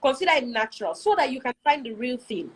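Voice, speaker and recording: On a rough recording, a young woman's high, husky, expressive voice rushes along quickly. She's a guest giving an earnest, conversational lesson on marriage, often checking in with listeners by asking "do you see?"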